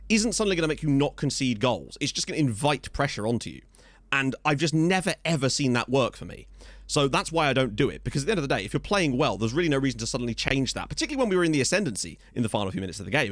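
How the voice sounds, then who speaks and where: Excitable man commentating his game. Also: medium pitch, no room sound, clean studio sound. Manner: excitable, jokey, shouts at goals. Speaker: gaming YouTuber. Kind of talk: let's play commentary.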